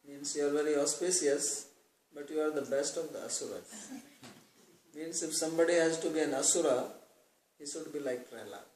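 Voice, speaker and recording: A man with a slightly high voice gives a devotional scripture class, explaining each verse through homely examples and chanting the lines slowly. He is heard from some distance in a roomy hall, with a faint hum of ambience behind him. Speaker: lecturer on scripture.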